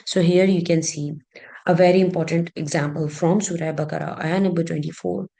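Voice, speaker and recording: A woman's voice: fairly low pitch, steady tone, a little fast, gravelly, mellow. A woman teaching an online grammar lesson, speaking hesitantly with many fillers and restarts.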